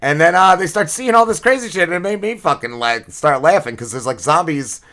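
A man hosting a podcast, recapping a TV episode in a rambling, profane, casual way with plenty of filler words. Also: a little high. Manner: animated retelling with quick drops in energy. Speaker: podcast host.

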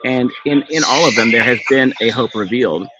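A man hosting an interview, talking haltingly and repeating words as he gathers his thoughts. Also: mid-range voice. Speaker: podcast host. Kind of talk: casual interview chat. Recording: dull lo-fi audio with faint noise.

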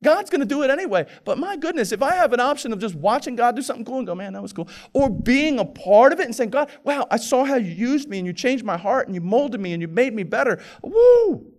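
A man pastor preaching a sermon in a conversational way, dropping to hushed pleading and climbing to loud, excited passages. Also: very high-pitched, fast talker, few pauses. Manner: conversational, with filler and repeated words.

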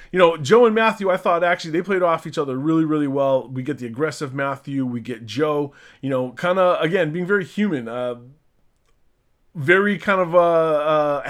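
A man's voice: on the high side, a bit bright. Chatty man reviewing a show episode. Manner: chatty, hesitant restarts. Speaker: podcast host.

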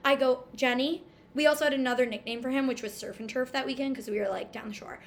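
A woman's voice: high-pitched, fairly even intonation, fast talker, slight background noise. A young woman animatedly telling a story in casual chat, acting out the dialogue. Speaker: storyteller guest.

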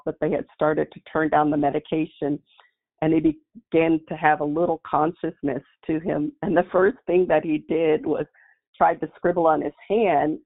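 A woman sharing a personal faith testimony, telling her story in an earnest, heartfelt way. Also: deep voice. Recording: tinny phone-like line.

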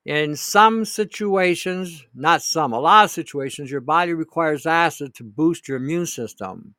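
Responding to a listener's question, a man hosting a show rambles bluntly and opinionatedly, using profanity for emphasis in a casual monologue. His voice is fairly high with a sharp tone, and he talks a little slowly. There's no room sound.

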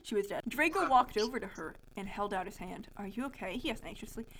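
A woman's voice: medium pitch, expressive, fast, a bit bright, slightly rough, rough recording. A young adult woman co-hosting a podcast, reading a childhood story aloud in a playful, amused way. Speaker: podcast co-host.

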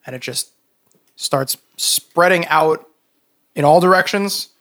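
A man running a tabletop game as game master, narrating scenes slowly with pauses and fillers. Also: on the high side, fairly bright tone. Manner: slow, halting descriptive narration with fillers.

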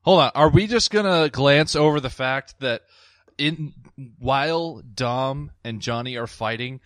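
A man's voice: mid-range voice, measured pace, fairly bright tone, dry recording. Wry man, dry close sound. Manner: wry, asks pointed questions. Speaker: podcast co-host. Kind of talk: casual movie-recap chat.

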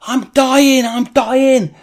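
Guy acting out a wounded man screaming his head off, frantic, really high pitched. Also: steady tone, extremely slow, full character voice. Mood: screaming panic. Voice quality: shrill, frantic shouting.

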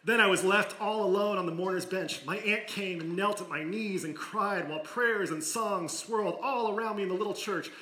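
A man gives a sermon, reading a story aloud with feeling. His voice is bright and a little high, and it drops to a near hush in the quiet parts. The sound carries an echo from the room. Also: moderate pace, few pauses. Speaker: preacher. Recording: echoey room.

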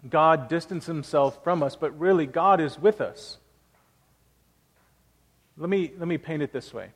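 A man's voice: a little high, long reverb tail. A man in his thirties preaching a sermon as pastor, earnest and conversational, telling personal stories.

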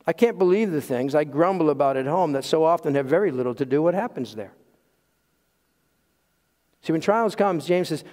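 A man preaching a sermon as pastor, swinging from loud emphasis to hushed asides and chuckling at his own jokes. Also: high voice, lively intonation, normal speed. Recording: long hall reverb.

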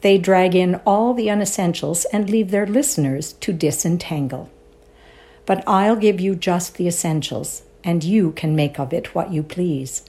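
A woman reading the part of a self-assured woman telling a ghost story, crisp and matter-of-fact. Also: on the low side, measured pace, mellow.

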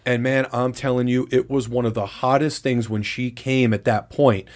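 A man at an ordinary, mid-range pitch co-hosts a podcast. He recounts a story in candid, blow-by-blow detail and swears freely. He keeps to the loose, chatty rhythm of casual conversation. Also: steady tone, normal speed, a little mellow. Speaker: podcast co-host.

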